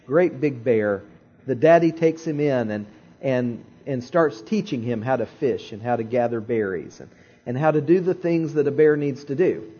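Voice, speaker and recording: A man preaches, retelling a story with lively pauses and phrases he repeats for effect. His voice is husky and a little breathy at a middle pitch. The recording sounds slightly dull and lo-fi. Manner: animated storyteller, dramatic pauses and repetitions. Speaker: pastor. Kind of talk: sermon storytelling.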